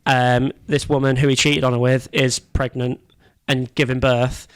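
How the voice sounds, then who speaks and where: A man's voice: medium pitch, little pitch movement, moderate pace, fairly bright tone, smooth, no room sound. A man co-hosting a casual podcast debate, blunt and swearing freely as he argues his point. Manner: blunt, swears, laughs easily. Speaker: podcast co-host.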